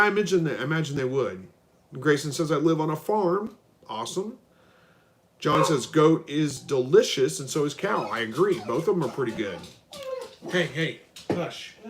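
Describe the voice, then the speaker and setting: A man from Southwest Missouri hosting a casual livestream, reading viewers' questions aloud and answering them in an easygoing, halting way with frequent ums. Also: mid-range voice. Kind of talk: casual live Q&A, reading out chat.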